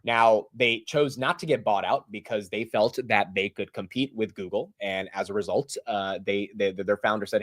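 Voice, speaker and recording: A man's voice: fairly low pitch, normal speed, hardly any pauses, a bit bright. A young man hosting a live market show, chatting casually with viewers, greeting them by name and saying "dude" and "like" a lot. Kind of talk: casual livestream chat.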